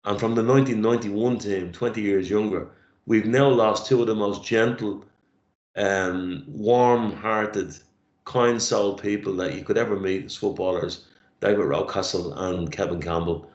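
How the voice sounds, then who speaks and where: Emotional, low-voiced man in a roomy space. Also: fairly even intonation. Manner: reflective, halting, grows emotional. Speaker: podcast co-host. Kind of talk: casual tribute chat. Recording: roomy lo-fi sound.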